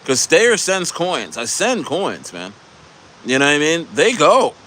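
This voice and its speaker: A man rambling through a casual live stream, stumbling over his words and swearing freely. His voice is bright and forceful. A faint hum of a vehicle sits behind him. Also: a little high, wildly swooping pitch, measured pace. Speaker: crypto streamer.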